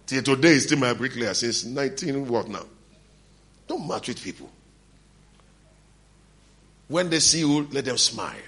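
A man preaching a sermon, acting out the story in different voices, moving from hushed asides to shouts. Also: mid-range voice, lively intonation, a little slow, pauses often. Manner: acts out scenes, shifts between hushed asides and shouts.

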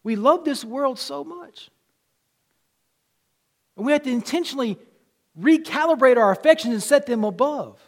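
Man, Southern accent, pastor, sermon, high voice, rises loud then drops quiet. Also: expressive, moderate pace, long pauses. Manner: preaching with swings from loud to hushed.

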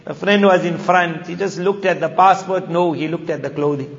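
A man's voice: a little high, normal speed, hardly any pauses. A man giving an emphatic sermon on Quran verses, repeating key phrases and switching between Arabic recitation and English explanation. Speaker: Islamic preacher. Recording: echoey hall, muffled sound.

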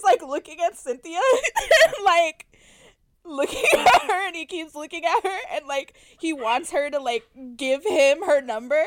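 High-voiced young woman, playful storyteller. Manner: playful, dramatic, acts out quotes. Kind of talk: casual storytelling chat.

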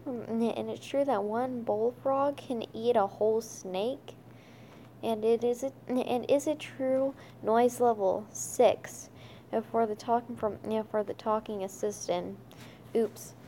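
A woman reading a children's chapter book aloud, stumbling and restarting often, with a slight lift in pitch for characters' lines. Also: warm tone, a little hiss or hum. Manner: halting, stumbling reading with many restarts and fillers.

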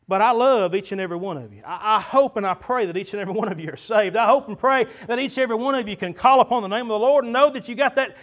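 Male pastor with a high voice, fervent folksy sermon delivery, lots of hesitant fillers.

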